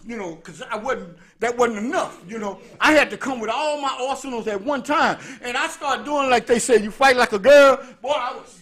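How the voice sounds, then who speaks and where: Preacher, man, high bright voice, lively storytelling that swells into shouts. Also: moderate pace, few pauses. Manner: animated, laughing, rising to shouts. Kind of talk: storytelling sermon.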